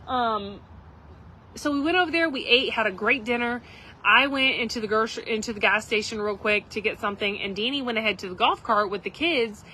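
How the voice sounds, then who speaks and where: A woman's voice: on the high side, a little fast, pushed and bright, a little hiss or hum, rough recording. A woman, casually telling a rambling story to live viewers outdoors at a campground. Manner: rambling, chatty, frequent "like" and "literally". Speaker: livestream host.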